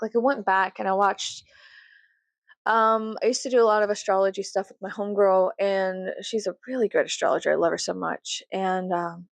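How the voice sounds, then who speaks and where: A woman's voice: medium pitch, gravelly, dry recording. A woman with a Southern US accent, rambling casually to her viewers in a profane, self-mocking way and laughing often. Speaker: YouTuber.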